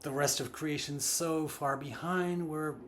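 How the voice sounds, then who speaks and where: A man voicing an arrogant man in a folk tale who boasts about human superiority, speaking haltingly with fillers. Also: fairly high pitch, steady tone, fairly bright tone, a little hiss or hum, pitched above the performer's own voice. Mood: boastful.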